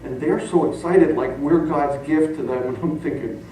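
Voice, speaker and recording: A man's voice: fairly high pitch, moderate pace, slight background noise. A middle-aged man preaching a sermon, telling stories and laughing along as he goes. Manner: animated, laughing storyteller. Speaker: pastor. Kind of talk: sermon storytelling. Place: church sanctuary. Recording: echoey hall from far off.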